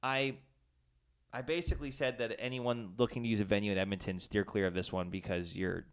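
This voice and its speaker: A man's voice: on the low side, steady tone, fairly quick, clear, resonant tone. A man co-hosting a podcast, telling rambling stories, swearing freely and acting out the people he quotes. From Canada. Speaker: podcast co-host. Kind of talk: casual chat, storytelling.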